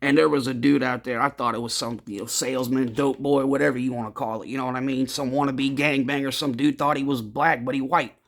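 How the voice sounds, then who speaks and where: A man telling his own story in a casual, rambling and blunt way, cursing freely and addressing his listeners as gentlemen. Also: mid-range voice, steady tone, fairly quick, creaky, few pauses.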